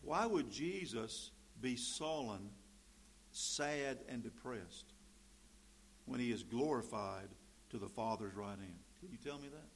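Man, preacher, sermon, mid-pitched voice, emphatic then folksy and conversational. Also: animated, slow pace, creaky, a little hiss or hum. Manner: rises to loud emphatic preaching, drops to quiet asides; folksy, conversational storytelling between scripture readings.

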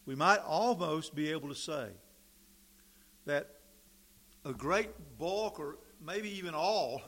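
A male preacher delivering a sermon at an unhurried, measured pace. His voice is gravelly and sits a little high for a man. He presses down on important words and pauses between phrases. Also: lively intonation, fairly bright tone. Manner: slow and deliberate, stressing words, with pauses and fillers.

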